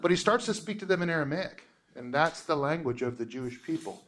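A man with a fairly high voice teaches a casual Bible course. He tells the story in an animated way, acts out the quotes, and laughs often as he goes. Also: brisk.

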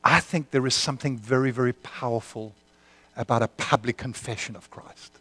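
A man preaching a sermon, moving between impassioned prayer and a quiet, earnest appeal to the congregation. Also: mid-range voice, normal speed. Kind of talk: sermon with prayer and altar call.

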